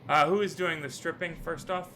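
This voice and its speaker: Guy running a tabletop game, real bright sharp voice, jokey and rules-minded. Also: a little high, steady tone, a little fast. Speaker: game master. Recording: live stream with faint background noise.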